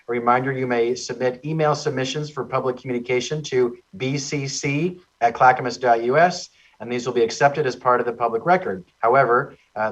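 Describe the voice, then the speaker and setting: A man on county staff formally reading meeting procedure with a measured manner. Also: mid-range voice, a bit bright. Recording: distant muffled meeting audio.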